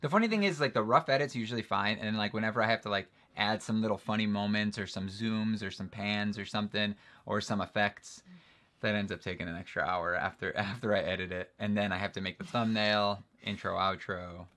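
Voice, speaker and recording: Bright-voiced young man chatting on stream. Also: lowish voice. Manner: animated, quick back-and-forth banter. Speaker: live stream co-host. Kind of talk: casual chat.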